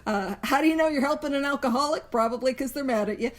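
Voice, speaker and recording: A woman's voice: high voice, fast talker. Earnest woman hosting a recovery talk. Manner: earnest, repeats phrases, laughs lightly. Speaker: podcast host leading a recovery book study. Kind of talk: casual heartfelt talk.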